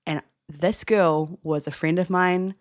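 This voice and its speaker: At a slow pace, a young woman from New Zealand, with the accent to match, shares a lively story while co-hosting a podcast in casual chat. When she voices other people's lines, her voice climbs higher.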